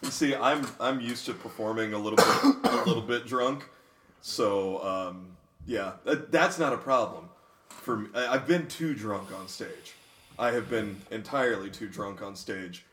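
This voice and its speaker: A man, a comedian co-hosting a podcast, chatting casually in an excitable way. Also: lowish voice, unhurried, distant mic, a little hiss or hum. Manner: lively, excitable, jumps in with short reactions. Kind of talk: casual chat. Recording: echoey room, set back from mic.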